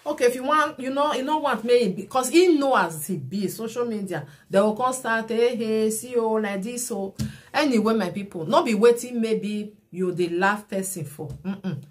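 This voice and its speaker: Nigerian Pidgin female vlogger, slightly high voice, chatty and preachy. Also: normal speed. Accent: Nigerian Pidgin English. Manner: chatty and preachy, often adding "you know". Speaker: vlogger commenting on a viral clip. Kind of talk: advice-giving commentary.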